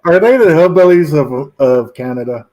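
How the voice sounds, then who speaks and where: A man hosts a livestream and teases his guests with blunt questions. His voice sits somewhat high for a man. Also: lively intonation, normal speed, a crowd in the background. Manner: teasing, asks blunt questions. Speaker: streamer host. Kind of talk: casual group chat on a stream.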